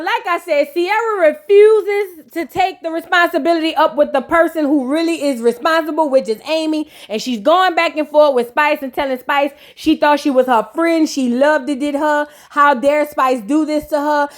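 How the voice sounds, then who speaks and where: A woman with a high voice recaps a reality show in a gossipy, sassy tone. She tells it casually, like juicy news for a friend. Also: normal speed, hardly any pauses. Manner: gossipy, sassy, colloquial storytelling.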